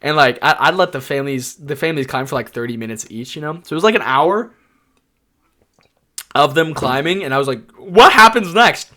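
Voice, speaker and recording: A young adult man giving casual tier-list commentary, telling rambling, excitable stories padded with lots of "like". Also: mid-range voice, a little fast. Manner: excitable, rambling storyteller full of "like". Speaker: anime YouTuber.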